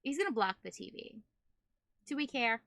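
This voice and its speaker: Woman streamer chatting to her viewers, kinda high bright voice, dry close mic. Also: animated, moderate pace, gravelly, dry recording. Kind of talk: casual live-stream chat.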